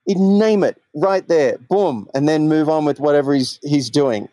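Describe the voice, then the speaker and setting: A man's voice: fairly high pitch, normal speed, dark tone, no echo. Podcast host man, open personal stories, dry close sound. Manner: candid, personal storytelling. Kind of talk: casual chat.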